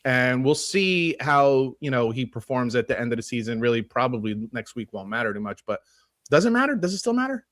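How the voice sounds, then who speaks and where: A man co-hosting a sports podcast, talking casually and ranting with animated swearing. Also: medium pitch, a little fast, no echo. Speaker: podcast co-host. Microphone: podcast studio mic.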